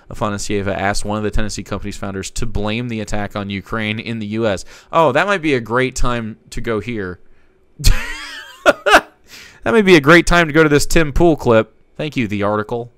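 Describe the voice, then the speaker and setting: A man's voice: fairly low pitch, a bit bright, clean tone, no room sound. A man hosting live news commentary, reading an article aloud with sarcastic, profane asides. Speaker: streamer host.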